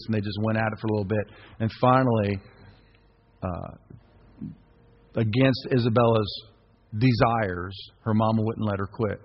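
With a lowish, husky voice at normal speed, a middle-aged male pastor preaches in a church sanctuary. He urges the people to say lines back to him in call-and-response, and the sound is dull and reverberant.

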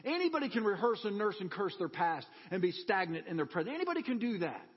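A man's voice: sits high, fast, breathy edge, in a large hall, lo-fi sound. A man preaching a sermon in a church, telling personal stories with humor and energy. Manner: animated personal storytelling with humor.

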